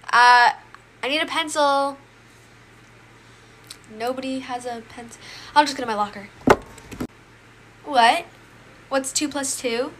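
A klutzy, scatterbrained schoolgirl flusters her way along, as a woman acts her out. Her voice is high, bright and sharp. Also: slow, long pauses, slight background noise. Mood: flustered. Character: klutzy self-proclaimed quirky schoolgirl.

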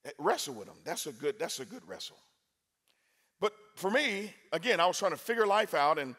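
Male preacher, high voice, lively, talks with the crowd, bursts loud. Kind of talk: sermon. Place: university chapel.

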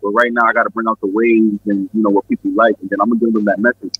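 Husky New York man, guest musician, loose rambling chat, dull muffled dry radio sound. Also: lowish voice, little pitch movement, very fast, no room sound. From Queens and Brooklyn, New York. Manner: laid-back, rambling, filler-heavy talk. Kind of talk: casual interview chat.

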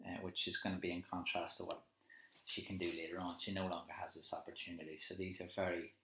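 Deep-voiced male teacher annotating a poem. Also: flat delivery, quick pace, bright, forceful tone. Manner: conversational, thinking aloud with fillers and tag questions. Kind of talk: live poetry annotation lesson. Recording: roomy echo with faint music.

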